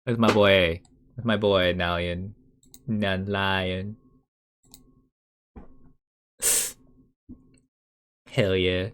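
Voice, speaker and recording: A man's voice: deep voice, level tone, extremely slow, pauses often, a bit bright, smooth. A young man chatting casually while he draws on a live stream, rambling and muttering to himself with a self-mocking manner. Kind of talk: casual chat while drawing.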